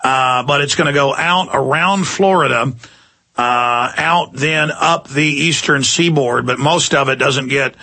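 A man's voice: medium pitch, a little slow, sharp tone, no room sound. A man with a Texan accent, a talk-radio host ranting heatedly, with lots of fillers, on a studio microphone. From Texas.

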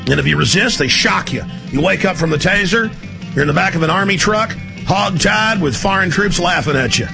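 A middle-aged man hosting a radio talk show, ranting intensely and rapidly in a conspiratorial tone. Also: high-pitched, expressive, vocal fry, music in the background.

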